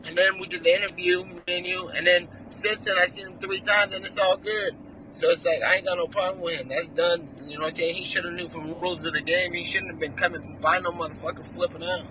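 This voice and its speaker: A man's voice: high voice, flat delivery, fast, lo-fi sound, background noise. A man, a fighter on a remote video call, telling a heated, rambling story full of slang and swearing. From California. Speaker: fighter guest. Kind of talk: casual profane interview talk.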